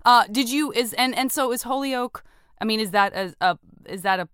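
A woman's voice: on the high side, moderate pace, a bit bright, a little hiss or hum. A woman hosting a podcast, talking in a rambling, casual way and laughing often. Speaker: podcast host. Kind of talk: casual chat.

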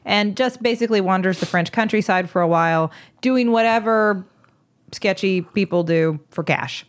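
A woman's voice: mid-range voice, moderate pace. Brief: woman podcast host, casual storyteller, giggles often, chatty and amused.

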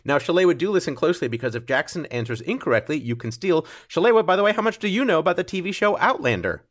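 A playful man hosting a trivia quiz. His pitch sits a little high and swings widely as he reads out questions. He laughs often between lines. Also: animated, fast. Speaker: quiz show host. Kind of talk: hosting a comedy trivia podcast.

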